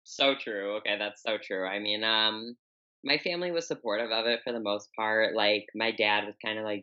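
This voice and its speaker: A very deep-voiced woman speaks at a normal speed with fairly even intonation, recorded in lo-fi. In her twenties and Chicago-accented, she's a chatty podcast guest whose casual talk is full of "like" and repeated words.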